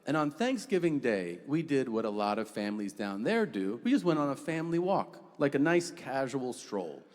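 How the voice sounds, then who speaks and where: A man's voice: medium pitch, big pitch swings, normal speed. A man in his forties performing a stand-up comedy set, acting out characters with shifting voices on a handheld mic in a large theater. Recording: echoey theater hall with crowd noise.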